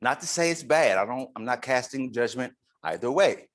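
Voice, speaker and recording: A man addresses a conference audience on leadership. His pitch rises and falls widely as he leans on key words and jokes with the listeners. His voice sits in a middle register. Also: normal speed. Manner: animated, emphatic, playful with the crowd. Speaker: conference speaker. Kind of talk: live leadership talk to an audience. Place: conference room.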